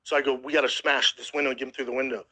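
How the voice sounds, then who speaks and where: A man's voice: mid-range voice, rapid-fire, slightly rough, poor audio. A man in his thirties telling a harrowing story in casual, profane podcast chat, close to tears at times. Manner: profane, animated retelling with acted quotes. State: emotional, near tears. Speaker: podcast host.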